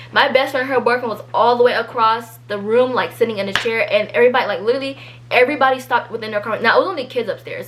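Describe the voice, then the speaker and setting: A teenage girl tells a storytime in a chatty, rambling way, full of fillers. Her voice sits a little high, and she gets animated whenever she quotes someone. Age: teens. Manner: chatty, filler-heavy, animated when quoting people. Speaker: vlogger telling a story. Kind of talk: casual storytime.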